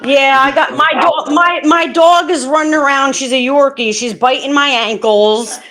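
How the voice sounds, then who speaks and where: A woman's voice: high-pitched, fairly even intonation, normal speed, fairly bright tone, a little hiss or hum. A woman from the northeastern United States hosting a casual live stream chat, laughing easily and saying "like" a lot.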